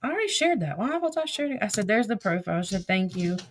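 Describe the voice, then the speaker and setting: A woman's voice: medium pitch, sing-song, very fast. Woman commentator, blunt and foul-mouthed, reads out text messages casually and breaks into sudden outbursts. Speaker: social media drama commentator.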